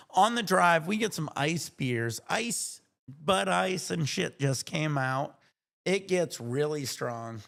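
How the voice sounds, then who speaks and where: Middle-aged male streamer, slightly high gravelly voice, loose profane storytelling. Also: fairly bright tone. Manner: rambling, profane, self-correcting. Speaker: live streamer. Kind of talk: casual storytelling.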